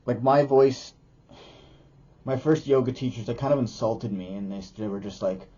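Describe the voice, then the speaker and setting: A man's voice: mid-range voice, moderate pace, dark tone, slightly rough, highs cut off. A man who teaches yoga and makes videos talks casually to the camera in a loose, rambling way, often restarting his sentences.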